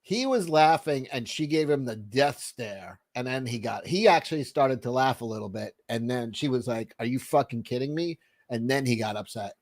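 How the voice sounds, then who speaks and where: A man's voice: mid-range voice, normal speed, few pauses, no room sound. A man hosting a casual livestream chat, swearing a lot and laughing as he talks. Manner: profane, animated, laughing often. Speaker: podcast host.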